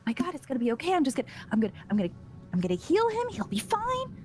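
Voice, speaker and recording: A woman's voice: high-pitched, huge pitch swings, rapid-fire, darkish tone, soft background music. Woman doing a frantic little cat girl. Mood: panicked. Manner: frantic, apologetic, stammering. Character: panicked young female shapeshifter cat.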